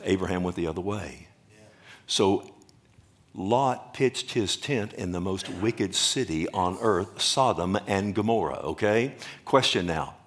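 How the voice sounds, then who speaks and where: A man's voice: low voice, measured pace. Preaching man quizzing his congregation. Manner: asks the congregation questions and answers them himself; jokes and laughs with the congregation. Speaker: pastor. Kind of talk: sermon.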